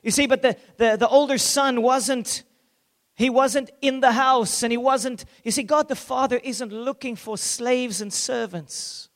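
Man, pastor, very high voice, impassioned sermon, loud-to-hushed swings, acts out scripture characters. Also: steady tone, measured pace, big-room sound.

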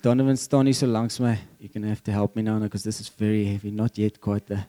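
A man's voice: on the low side, fairly even intonation, fast talker, mellow. A man with a South African accent preaching a conversational sermon, quizzing the congregation as he goes.

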